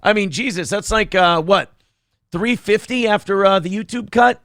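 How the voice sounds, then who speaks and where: Sarcastic guy hosting a morning show, kinda high voice, dry close sound. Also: moderate pace, dry recording. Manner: sarcastic, animated, mocking. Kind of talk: casual chat.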